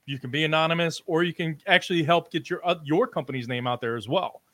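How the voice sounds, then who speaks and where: Guy hosting a live stream, bright voice kinda high, lots of ums and restarts, dry close sound. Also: no room sound. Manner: halting, with frequent ums and restarts; reads out viewer comments. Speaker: livestream interview host. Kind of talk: casual live-stream interview.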